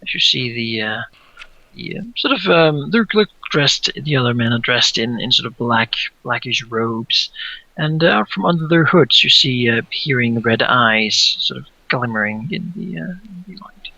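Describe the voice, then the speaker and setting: A man's voice: mid-range voice, expressive, normal speed, gravelly, pushed and bright, no room sound, lo-fi sound. A man narrating a tabletop game as game master, describing scenes hesitantly with many fillers.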